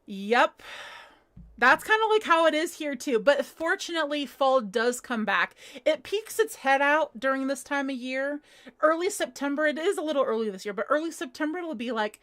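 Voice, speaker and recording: A woman's voice: high-pitched, normal speed, a bit bright. A young woman from Northern California hosting a live crochet stream, chatting casually and reading viewer comments aloud with a giggly, rambling manner. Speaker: livestream host. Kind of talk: casual chat while crocheting. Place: home.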